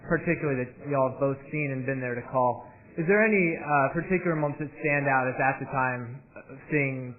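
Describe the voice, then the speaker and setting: A man's voice: mid-range voice, brisk. A man from the audience asking a question, nervous and hesitant. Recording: tinny phone-like sound.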